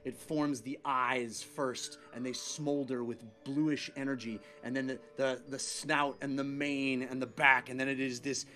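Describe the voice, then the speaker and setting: A man narrating a tabletop game as its game master, his voice bright and forward, with middling pitch. He paints scenes in vivid detail, often restarting phrases as he builds the picture. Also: flat delivery, measured pace, hardly any pauses.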